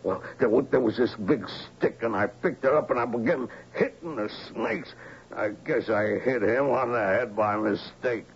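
A man's voice: animated, moderate pace, slightly rough. An actor playing a confused alcoholic man, once a lawyer, who stammers and rambles. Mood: agitated. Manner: stammering, rambling, wandering pitch. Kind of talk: 1970s radio drama acting. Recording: slightly dull old radio recording with faint hiss.

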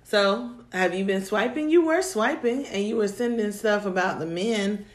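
A woman co-hosting a casual chat about dating, telling stories in an animated way and laughing often. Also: mid-range voice, moderate pace. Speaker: podcast co-host. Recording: echoey room.

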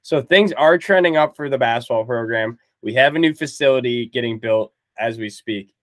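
A man's voice: medium pitch, moderate pace, no echo. Male co-host, mid voice, upbeat sports banter, dry recording. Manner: upbeat, reassuring fan banter. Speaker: podcast co-host. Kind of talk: casual sports chat.

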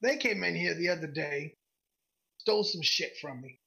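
Gruff haggling trader woman, as a man puts her on. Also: fairly high pitch, expressive, normal speed, bright, forceful tone, heavily acted. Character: gruff mid-thirties woman weapons trader, haggling and blunt. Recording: dull lo-fi recording.

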